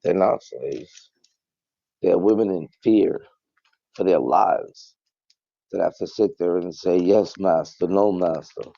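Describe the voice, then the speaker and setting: A man's voice: sits low, animated, takes it slowly, gravelly, long pauses, warm tone, slightly rough, no room sound. A man in an interview clip, speaking emphatically and bluntly. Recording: dull, muffled clip.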